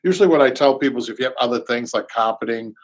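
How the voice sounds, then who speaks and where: Here a middle-aged upholsterer with a Boston accent talks very fast in a medium-pitched voice while hosting a live show. The chat is casual and rambling, full of repeated words, and he reads viewers' comments out loud.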